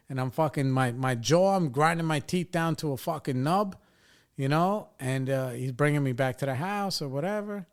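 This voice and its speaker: A man's voice: a little high, normal speed, clean tone. A man in his forties from New York State hosts a podcast and tells a story in a loose, rambling way. He swears freely and keeps checking in with "right?" and "you know". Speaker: podcast host. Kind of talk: casual storytelling.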